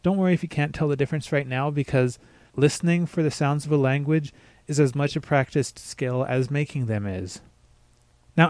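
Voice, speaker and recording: A man giving a scripted pronunciation lesson, spelling out words letter by letter and slowly demonstrating the sounds. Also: medium pitch, darkish tone, dry recording. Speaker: language teacher.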